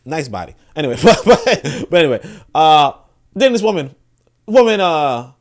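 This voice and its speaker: At a normal speed and a fairly high pitch, a podcast host delivers casual political commentary that's animated and profane. He regularly repeats words as he restarts what he's saying.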